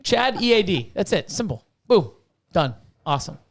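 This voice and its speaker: Podcast host, male, high voice, jokey and rambling. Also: sing-song, moderate pace, gravelly. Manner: joking, laughing, rambling with fillers. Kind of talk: casual podcast chat.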